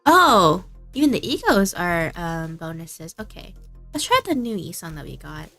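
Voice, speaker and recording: A woman's voice: on the low side, very animated, moderate pace, sharp tone, soft background music. Chatty woman streaming a game. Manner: chatty, laughs often, thinks aloud; reads game dialogue aloud. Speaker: VTuber streamer. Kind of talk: casual gameplay commentary.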